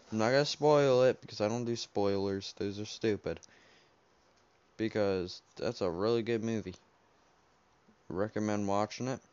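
A man's voice: medium pitch, smooth, no room sound. A young man hosting a casual first podcast, rambling and unsure, with lots of fillers, at home by his game console. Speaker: podcast host. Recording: dull lo-fi home recording, faint keyboard noise.

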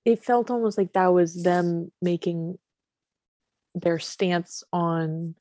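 A woman's voice: lowish voice, slow pace, dark tone, no room sound. A young woman co-hosting a casual chat, thinking aloud with hesitant restarts. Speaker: podcast co-host.

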